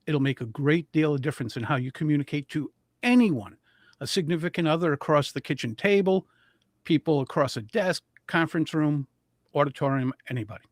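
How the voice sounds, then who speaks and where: Animated higher-voiced male speaking coach. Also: a little fast, no echo, clean studio sound. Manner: animated, demonstrates vocal intonation. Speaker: guest public speaking coach. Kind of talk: explanatory coaching talk.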